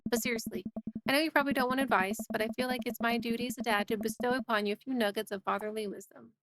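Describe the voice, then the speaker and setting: A kind, joking dad offering fatherly wisdom in a gentle, reassuring way, as a woman reads him. The voice stays fairly high for a father, with music clearly audible behind. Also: steady tone, racing, low-quality recording.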